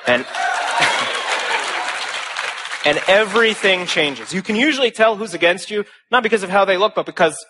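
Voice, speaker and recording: A young man giving a speech to a live audience, telling stories in an animated, self-deprecating way. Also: high-pitched, a little slow, long pauses, a loud crowd, very noisy. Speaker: conference speaker.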